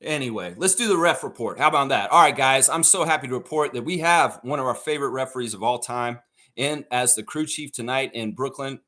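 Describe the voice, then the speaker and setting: A man's voice: mid-range voice, fairly quick, pushed and bright. A man hosting a sports fan show who rants in a blunt, profane, heated way. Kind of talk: ranting sports commentary.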